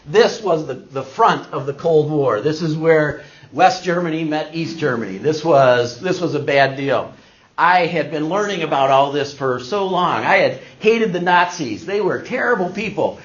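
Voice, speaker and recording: A man's voice: fairly high pitch, lively intonation, normal speed. A middle-aged man giving a talk, telling a personal story to an audience and acting out the people he quotes. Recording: dull lo-fi recording.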